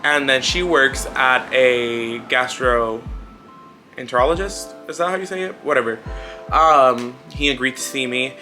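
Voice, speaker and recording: In a casual vlog, a young man of around twenty shares a personal story, rambling bluntly with lots of cursing and fillers. His voice is medium-pitched and measured, pushed and bright, with faint music behind it.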